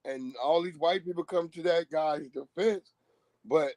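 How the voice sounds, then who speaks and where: High-voiced man rambling on a stream. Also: moderate pace, a little mellow, dry recording. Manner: loose, rambling street slang with laughs. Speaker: live-stream host. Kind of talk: casual stream monologue.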